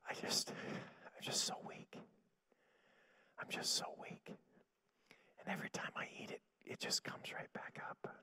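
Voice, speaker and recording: A man voicing a frail, sick woman who can barely talk, in a faint, breathy whisper with labored, halting breath. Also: pushed and bright. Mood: weak.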